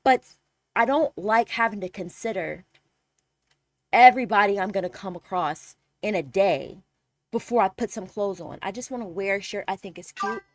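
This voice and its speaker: A young woman streamer telling a casual story with animated, exasperated energy and lots of swearing. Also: mid-range voice, normal speed, no room sound.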